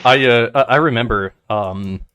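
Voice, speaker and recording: A man co-hosting a casual podcast, rambling with lots of restarts, swearing and lively retold stories. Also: mid-range voice, normal speed, clean tone, no echo, clean studio sound. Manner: rambling, many restarts and swearing, animated retellings. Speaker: podcast co-host. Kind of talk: casual chat.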